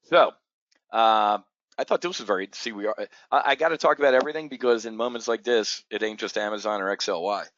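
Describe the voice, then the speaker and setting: A man's voice: fairly low pitch, fast, a bit bright, no room sound. Blunt, profane man ranting on markets. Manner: blunt and profane, with frequent stammered restarts. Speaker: options trading show host. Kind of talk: unscripted market commentary rant. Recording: dull, dry lo-fi audio.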